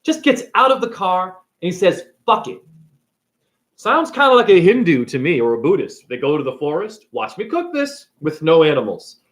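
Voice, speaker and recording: Animated, profane man ranting casually. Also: on the high side, fairly quick, few pauses. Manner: profane, animated, acts out characters. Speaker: spiritual video creator. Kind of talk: casual rant retelling a movie.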